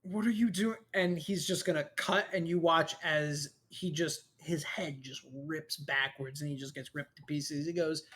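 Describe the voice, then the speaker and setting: A game master narrating a tabletop role-playing game in a brisk, descriptive way. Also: medium pitch, flat delivery, fairly bright tone.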